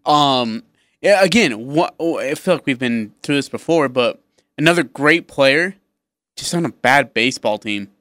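A man talks sports in a radio studio with joking, offhand banter. His voice is bright and a little high, and his pitch moves around a lot. The sound is close and dry. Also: expressive, measured pace, no echo. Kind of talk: casual sports talk radio.

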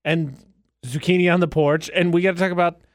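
Teasing radio guy, wry and mock-serious, kinda high voice, dry close mic. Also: steady tone, a little fast, dry recording. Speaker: radio co-host. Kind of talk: casual morning radio banter.

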